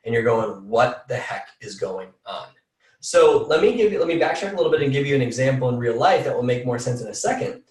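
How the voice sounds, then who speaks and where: A man giving an energetic motivational coaching talk, repeating phrases for emphasis. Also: mid-range voice, fast, few pauses, echoey room, recorded from a distance. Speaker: team call speaker.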